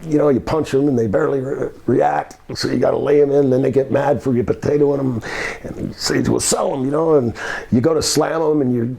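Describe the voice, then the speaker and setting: A man's voice: mid-range voice, fairly even intonation, fairly quick, vocal fry, warm tone. An older man, a former wrestler, telling rambling anecdotes with laughter in a shoot interview. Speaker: guest, former pro wrestler.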